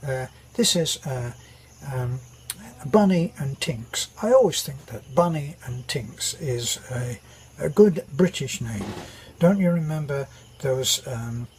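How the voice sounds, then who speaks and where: A man hosting his channel, telling jokes in a rambling way with many pauses and restarts. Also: medium pitch, slight background noise, poor audio. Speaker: channel host. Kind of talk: casual joke telling.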